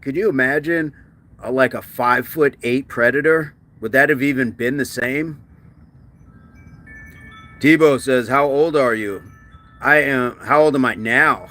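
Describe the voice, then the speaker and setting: Bright-voiced man chatting on a livestream. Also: medium pitch. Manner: chatty and joking, with quick asides and restarts. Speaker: livestream host. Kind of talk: casual live-stream chat, reading comments aloud.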